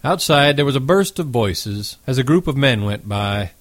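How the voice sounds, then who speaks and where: A man narrating a novel as an audiobook in a steady, measured reading. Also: medium pitch, no room sound.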